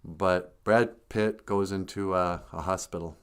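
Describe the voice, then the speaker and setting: Deep, steady, and clean, this older man's voice moves at a measured pace as he hosts a casual livestream. He welcomes viewers, spins joking stories, and chuckles a lot.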